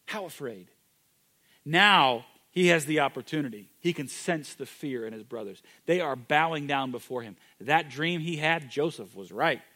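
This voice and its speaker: A man's voice: fairly high pitch, expressive, normal speed, hardly any pauses. Man preaching with dynamic swings. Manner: dynamic preaching, swings from loud emphatic to hushed. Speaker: pastor. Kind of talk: sermon.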